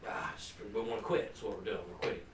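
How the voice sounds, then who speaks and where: In a meeting room, a recovery counselor gives a family group an informal, earnest talk, restarting sentences and saying "you know" often. His fairly low voice is fairly even and fast. The recording is echoey, with a distant mic and a faint hum.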